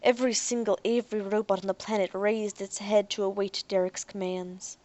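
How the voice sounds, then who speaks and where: A woman narrating a science fiction audiobook in a steady, even reading voice. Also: mid-range voice, brisk, no room sound.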